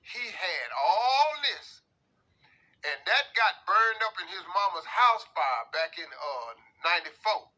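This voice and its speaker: A man hosting a radio show, giving comedic commentary on a listener's letter in an animated, drawling way full of playful slang. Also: sits high, takes it slowly, muffled recording.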